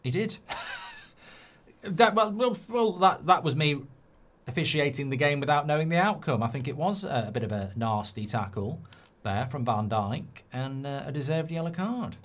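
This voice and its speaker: A man's voice: a little high, normal speed. A man hosting a live football watchalong, chatting loosely, reading out viewer questions and swearing when frustrated. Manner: excitable, sweary, reads viewer questions aloud. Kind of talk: live match watchalong chat.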